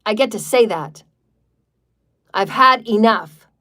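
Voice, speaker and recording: A woman's voice: mid-range voice, slow, sharp tone. Defiant woman leading a meditation. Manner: defiant, declarative, repetitive chant-like lines; swears freely. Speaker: spiritual meditation leader. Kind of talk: livestreamed guided meditation.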